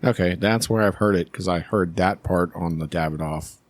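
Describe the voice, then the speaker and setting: A man co-hosting a casual podcast chat, answering quiz questions and thinking out loud with hesitant guesses. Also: deep voice, moderate pace, dry recording.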